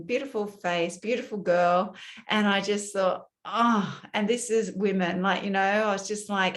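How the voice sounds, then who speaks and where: A woman's voice: mid-range voice, fairly bright tone. An older woman, chatting casually and telling a story to women viewers. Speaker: vlogger. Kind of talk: casual chat.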